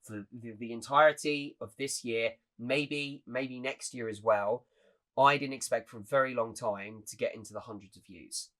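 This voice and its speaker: A young man co-hosting a podcast, talking in an earnest, rambling way and circling back on his words. His voice sits at an ordinary middle pitch for a man. He sounds like a relaxed, off-the-cuff chat. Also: normal speed. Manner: earnest, rambling, with many restarts. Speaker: podcast co-host. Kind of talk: casual chat.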